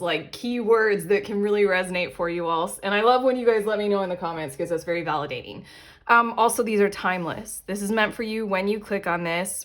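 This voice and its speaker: A young adult woman hosting a casual tarot reading, chatty and animated, often breaking into laughter. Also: medium pitch. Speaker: tarot reader and channel host.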